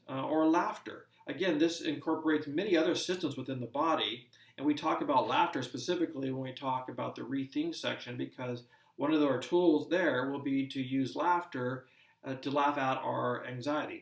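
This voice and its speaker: A man's voice: mid-range voice, distant mic. Man lecturing in an echoey room. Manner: measured explanatory delivery with frequent fillers and restarts. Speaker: course instructor. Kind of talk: recorded lesson lecture. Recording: roomy echo, speaker away from mic.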